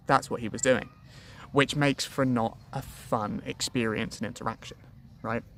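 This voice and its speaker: A man giving sales-training advice to camera in a lively, colloquial, self-deprecating way. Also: mid-range voice, moderate pace, slight background noise.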